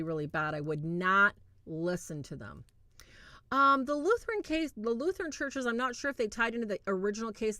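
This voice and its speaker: A woman hosting a livestream, retelling a film in a casual, animated way and acting out quoted lines. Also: mid-range voice, dry recording. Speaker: livestream host reviewing a film.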